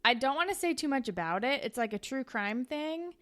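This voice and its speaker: A woman hosting a casual podcast, chatty and rambling, with "like" sprinkled all through her sentences. Her voice sits fairly high and moves easily through a story. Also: expressive, brisk, a bit bright. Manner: chatty, frequent "like" fillers, storytelling. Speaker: podcast host.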